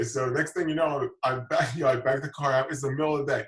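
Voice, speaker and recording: A man's voice: medium pitch, steady tone, fast talker, fairly bright tone, reverberant, distant mic, low-quality recording. A man telling a long, rambling story in casual chat, swearing freely and repeating himself as he goes. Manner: rambling, profane, repeats words.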